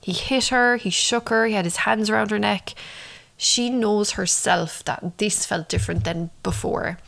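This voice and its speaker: A woman tells a true-crime story with a gravelly, creaky edge to her voice. Her pitch sits in the middle, and she reads at a measured pace, slowing down for the dramatic beats. Now and then she breaks off to comment on the story. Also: a bit bright. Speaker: narrator and commentator.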